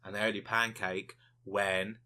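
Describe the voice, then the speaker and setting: A man hosting a casual podcast chat, animated, cursing freely and laughing often. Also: lowish voice, a little slow, slight background noise. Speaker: podcast host.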